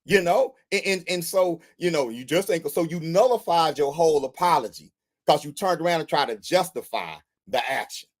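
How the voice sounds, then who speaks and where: A man as a talk-show guest, speaking casually and relaxed, posing rhetorical questions. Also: on the high side, moderate pace. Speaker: guest commentator.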